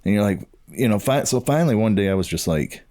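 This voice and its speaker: Middle-aged guy telling his story on a podcast, low mellow voice, acts out the back and forth. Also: animated, fast talker. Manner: storytelling, acts out quoted dialogue. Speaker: podcast co-host. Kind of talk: casual chat, personal testimony.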